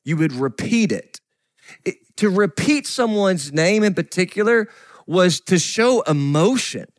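A middle-aged man preaching a sermon as a pastor, earnest, often sinking to a soft whisper. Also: high-pitched, expressive, a little slow, dry recording, studio quality. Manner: earnest, drops to soft whispers for quoted grief.

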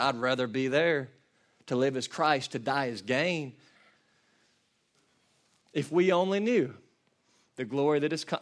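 A man preaching a passionate sermon, building from quiet reflection to shouted peaks. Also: a little high. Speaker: pastor.

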